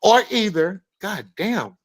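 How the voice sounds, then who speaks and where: High-voiced man, crude teasing banter. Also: lively intonation, takes it slowly, poor audio. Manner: loud, profane, teasing. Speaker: co-host.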